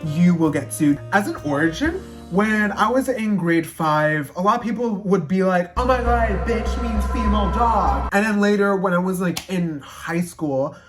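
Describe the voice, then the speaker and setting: Young woman vlogger, brash and theatrical, lowish voice, light music behind. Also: lively intonation, moderate pace, few pauses. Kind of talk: casual explainer vlog.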